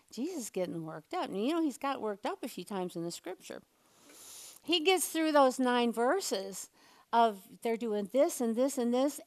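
A woman giving a lively, playful sermon, chatting with the congregation and leading them in call-and-response. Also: fairly high pitch. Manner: playful, chatty, uses props and leads the room. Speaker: church speaker.

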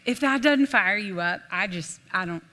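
A young adult woman preaching an animated, folksy sermon in a church, addressing the room as "y'all". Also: medium pitch, normal speed, background noise. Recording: long hall reverb.

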